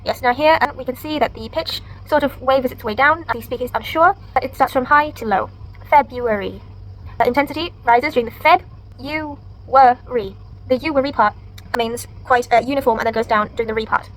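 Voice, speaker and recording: Fast-talking woman student presenting. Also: sits high, slight background noise, low-quality recording. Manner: brisk, demonstrates words aloud. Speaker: university student presenting an assignment. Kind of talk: academic presentation with spoken demonstrations.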